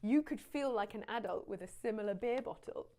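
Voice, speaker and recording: A woman's voice: on the high side, a little fast, mellow. Woman with an English accent, chatty wry presenter with a teacher's delivery. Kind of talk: scripted list video presentation.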